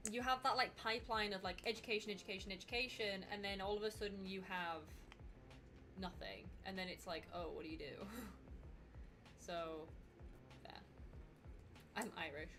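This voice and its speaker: A young woman from northern England chats casually on a stream, rambling through her sentences with plenty of ums and likes. Her voice sits at a middle pitch, and faint music plays behind her. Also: a bit bright. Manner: chatty, rambling with many fillers. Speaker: cosplay streamer. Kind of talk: casual livestream chat.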